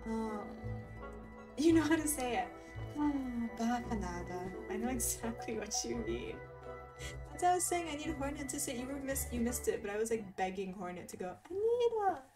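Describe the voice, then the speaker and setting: A woman's voice: medium pitch, recorded from a distance. A woman chatting casually and giggling with her viewers while she streams a video game. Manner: giggly, chatty, reacts to chat. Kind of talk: casual gaming stream chat. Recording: voice a bit off-mic over game music. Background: game music.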